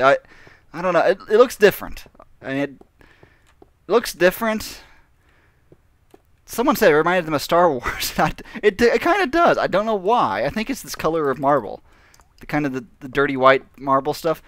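A man's voice: fairly high pitch, animated, normal speed, a bit bright, no room sound. A man giving casual, rambling gameplay commentary, mocking himself and laughing often. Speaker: gaming channel host.

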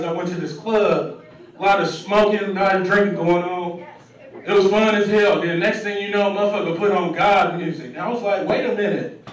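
A man's voice: high-pitched, very echoey, far from the mic, poor audio. A man in his thirties doing a loose, profane open mic stand-up set, acting out quotes. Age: 30s. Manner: loose, profane, conversational delivery with acted-out quotes. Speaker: stand-up comedian. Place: comedy club stage. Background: crowd laughing.

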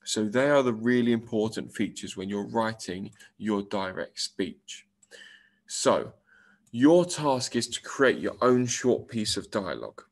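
A male primary school teacher talks through a recorded English lesson in an unhurried, deliberate way. His voice sits fairly low, and he explains each point step by step, reading the example lines aloud as he goes. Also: animated.

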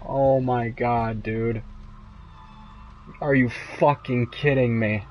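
A young man narrates his own horror playthrough in a low, slow mutter, swearing constantly. Frights push him into startled yelps. Faint music plays behind him. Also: fairly even intonation, highs cut off. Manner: profane, jumpy, muttering and yelping with fear. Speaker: gamer streaming a horror game. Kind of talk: frightened live gameplay commentary.

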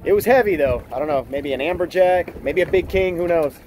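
Out on a small boat at sea with a handheld camera, the fishing vlog host narrates casually on the spot, chatty and poking fun at himself. His voice is fairly high and a little mellow, his pace a little fast, with slight background noise.

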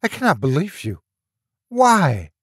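A man voicing a furious grown son who shouts and demands answers in an audiobook horror story. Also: a little high, wildly swooping pitch, measured pace, slightly rough, no room sound, studio quality, voice pushed up, full character voice. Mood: demanding. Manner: loud, commanding shouts.

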